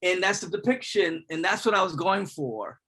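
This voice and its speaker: A man author speaks on a video panel. His voice sits a bit higher than most men's. He talks earnestly and casually, often pausing on fillers. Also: lively intonation, sharp tone, husky. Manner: earnest, conversational, with frequent fillers. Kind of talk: panel discussion.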